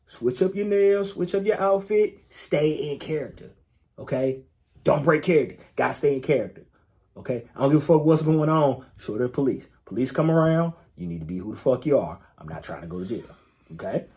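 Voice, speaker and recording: A man's voice: on the high side, lively intonation, brisk, darkish tone. A man co-hosting a podcast in casual chat, laid-back and emphatic, swearing freely and repeating phrases to drive a point home. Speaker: podcast co-host.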